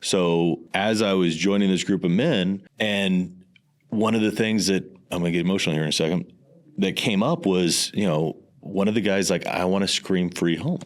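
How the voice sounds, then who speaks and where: A man's voice: deep voice, moderate pace. A man in his thirties or forties, a guest on an interview podcast, talking in an earnest, emphatic way and repeating phrases for weight. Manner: earnest, emphatic, leans on repetition. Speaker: guest, business executive. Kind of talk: reflective interview talk.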